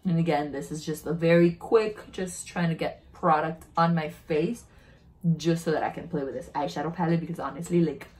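A woman's voice: low voice, fairly even intonation, moderate pace, a little mellow, rough recording. A young woman chatting casually while unboxing and trying on makeup, narrating each step and easily delighted. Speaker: beauty vlogger.

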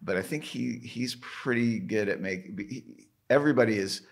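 A man in his fifties, a guest on a podcast interview, talking in a halting, searching way with many restarts. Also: lowish voice, creaky. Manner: halting, restarts, many "like" and "you know" fillers. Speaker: guest, record label founder. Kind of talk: casual interview chat.

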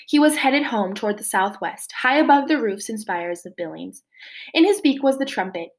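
A woman teacher reading a chapter book aloud to children. She reads expressively and stops now and then to comment for her listeners. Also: medium pitch.

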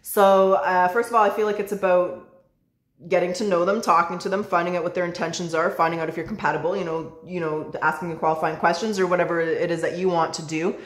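A woman's voice: lowish voice, steady tone, fast talker. A woman giving a casual tarot reading, chatty, calling the viewer baby and swearing now and then. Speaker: tarot reader. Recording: roomy echo.

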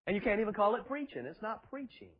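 A man's voice: high voice, very animated, fast talker, dull audio. A man preaching a fiery sermon to a congregation, emphatic and full of rhetorical questions and mocking asides. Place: church before a congregation.

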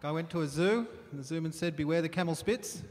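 A man telling short jokes at a party in a relaxed way, chuckling as he goes. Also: a little high, quick pace. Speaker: joke teller at a party. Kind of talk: casual joke telling. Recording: party crowd chatter and noise behind.

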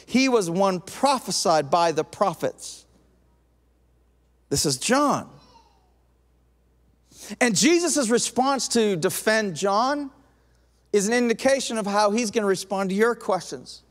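A high-voiced male pastor delivers a lively sermon. He slips into quoted voices as he preaches. His voice rings out with a long reverb from a large church hall. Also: slow pace, pauses often. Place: church auditorium.

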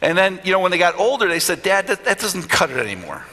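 A man's voice: sits high, quick pace. A middle-aged man preaching a storytelling sermon in a church, acting out the voices of the people in his stories. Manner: animated, acts out voices in stories. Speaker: pastor. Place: church hall. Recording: long hall reverb.

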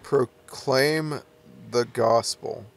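A young man talks through a horror game at a slow, unhurried pace, his voice gravelly and fry-heavy. He sounds nervous and jumpy, laughing the scares away into a desk mic. A faint hiss sits behind him. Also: mid-range voice. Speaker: let's play gamer.

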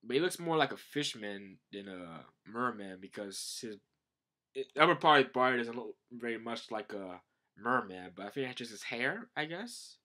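A man's voice: medium pitch, lively intonation, normal speed, pushed and bright. A man giving a casual, rambling manga chapter review, enthusiastic and full of "like" fillers. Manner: rambling, enthusiastic, heavy use of "like".

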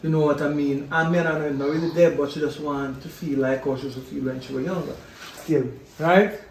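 A man's voice: fairly high pitch, fairly even intonation, fairly quick, natural voice. A man playing an excuse-making Jamaican boyfriend. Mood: sheepish. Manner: rambling, excuse-making patois. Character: sheepish Jamaican young boyfriend. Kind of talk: Jamaican film acting. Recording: echoey room, distant mic, faint noise.

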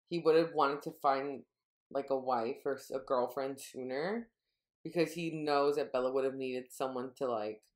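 A young woman with a strikingly deep, low voice, co-hosting a casual podcast. She talks in a relaxed, hesitant way, pausing often with fillers as she recounts scenes from a book. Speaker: podcast co-host. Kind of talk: casual chat, reading book passages aloud.

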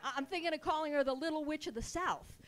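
A woman's voice: high-pitched, quick pace, voice pushed up, close to an everyday voice. A woman voicing a male summer camp theater director who speaks in a hesitant, offhand way.

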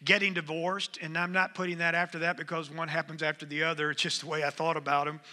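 Lively middle-aged pastor in a reverberant hall. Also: male voice, a little high, fast. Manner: conversational, engages the congregation with "come on". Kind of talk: sermon. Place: church sanctuary.

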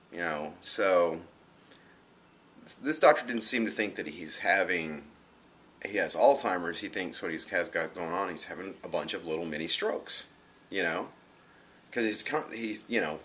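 Low, bright-voiced man telling a story. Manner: rambling, animated retelling with many fillers. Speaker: vlogger. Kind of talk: casual storytelling vlog.

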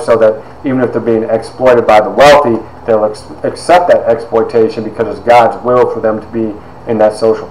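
Man telling his life story in an echoey room. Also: on the low side. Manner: animated storyteller, acts out quoted voices. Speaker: speaker giving a testimony. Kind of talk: personal storytelling talk. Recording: echoey room with faint noise.

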